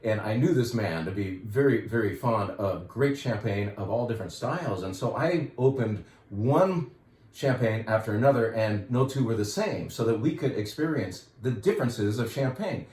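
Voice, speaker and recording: Man, middle-aged, wine shop owner, casual and enthusiastic, lowish voice, echoey room. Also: normal speed. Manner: relaxed, chatty, enthusiastic with wry asides. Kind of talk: casual product talk to customers. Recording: roomy echo.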